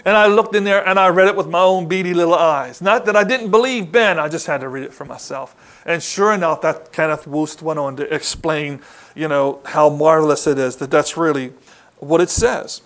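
A man preaching a sermon in a chatty, conversational way, often asking the congregation questions. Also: moderate pace. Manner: conversational, asks the congregation questions, lively rises in pitch.

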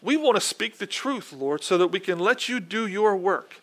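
A man's voice: sits high, animated, normal speed, fairly bright tone. A man preaching a conversational sermon in an earnest way, often repeating his words and asking his listeners questions.

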